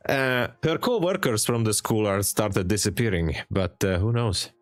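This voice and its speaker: A man's voice: on the low side, animated, moderate pace, no echo, faint music behind. A man from Hungary with a Hungarian accent, chatting casually and joking on a trading live stream. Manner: joking, chatty, laughs often. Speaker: livestream trader.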